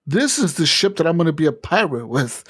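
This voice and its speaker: A young man on a podcast, telling a video game story in a casual, profane and animated way, acting out the game's dialogue. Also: fairly high pitch, brisk, breathy edge. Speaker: podcast co-host. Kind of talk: casual gaming chat.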